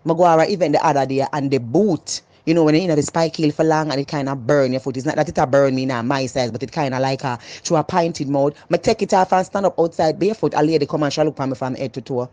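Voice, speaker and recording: A woman with a Jamaican accent, talking loudly and animatedly in a casual, opinionated vlog monologue. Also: sits low, quick pace, few pauses, no room sound. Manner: animated, loud and emphatic. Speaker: vlogger.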